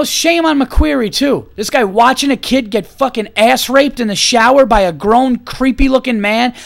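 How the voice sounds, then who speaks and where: Guy with a high voice going off on an angry rant, swearing a lot, repeats himself. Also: gravelly. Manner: profane, heated and emphatic, repeats himself. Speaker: podcast host.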